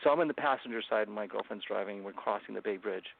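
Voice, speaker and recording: A man with a gravelly, rough-edged voice recounts a personal story as a guest on an interview show. He tells it intensely, acting out what each person said. The sound is thin and tinny, like a phone line. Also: lowish voice, rapid-fire, a little hiss or hum. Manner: intense, dramatic first-person retelling with acted-out quotes. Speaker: guest author.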